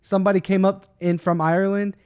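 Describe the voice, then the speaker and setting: A man's voice: sits high, flat delivery, fast talker, a little mellow, smooth. A young man co-hosting a podcast in casual chat, joking crudely and saying "dude" often. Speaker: podcast co-host.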